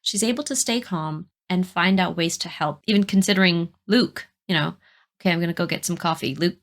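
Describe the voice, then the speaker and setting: A woman's voice: lowish voice, a little fast. A woman co-hosting a casual podcast, reflecting thoughtfully on characters from a TV episode. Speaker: podcast co-host. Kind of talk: casual chat discussing a TV episode.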